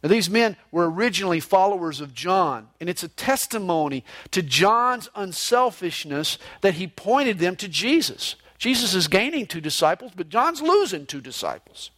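A male pastor preaching a verse-by-verse sermon, earnest and expressive, moving between emphatic rises and hushed lows, with a conversational "you know" style. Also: normal speed, few pauses, no room sound. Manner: conversational, with frequent "you know" fillers and restarts.

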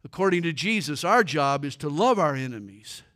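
A male preacher retells a scripture story in his sermon with dramatic emphasis. His voice sits high for a man and rings bright and sharp. He leans hard on key phrases as he teaches. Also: animated, normal speed.

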